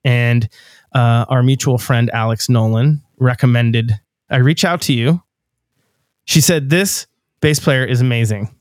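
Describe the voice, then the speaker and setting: A man in his forties hosts a podcast, talking in a loose, rambling way with plenty of ums. His voice sits at an ordinary pitch. The sound is close and dry, with no room around it. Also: measured pace, no echo. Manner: rambling, easygoing, lots of fillers. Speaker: podcast host. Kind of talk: casual interview chat.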